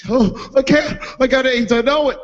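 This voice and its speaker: A man's voice: very high voice, moderate pace, pitched above the performer's own voice. A man voicing a frantic male bus passenger who shrieks in panic, on dull lo-fi audio. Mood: panicked. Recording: dull lo-fi audio with faint noise.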